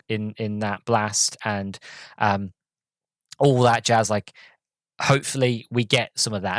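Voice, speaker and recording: A man's voice: fairly low pitch, fairly bright tone, no echo. A man hosting a podcast alone, talking casually and earnestly, with many ums and restarts and a voice that gets emotional. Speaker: podcast host. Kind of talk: casual solo podcast talk.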